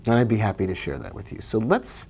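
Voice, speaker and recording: A man's voice: lowish voice, animated, fast, creaky, darkish tone, a little hiss or hum. Chatty man hosting a live trading stream. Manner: casual, chatty, greets viewers by name. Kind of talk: live-stream commentary on charts.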